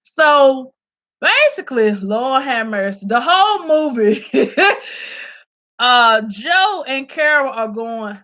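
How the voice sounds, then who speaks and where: A woman telling a story in casual commentary, loud and animated, swearing and laughing. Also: high-pitched, slow. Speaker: vlogger reviewing a documentary. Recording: slightly dull lo-fi audio.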